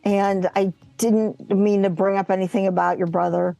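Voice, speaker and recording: A woman's voice: mid-range voice, flat delivery, gravelly, mellow, no echo. Woman player, dry close sound. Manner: quick, reassuring, slips into her character's lines. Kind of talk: casual tabletop role-play.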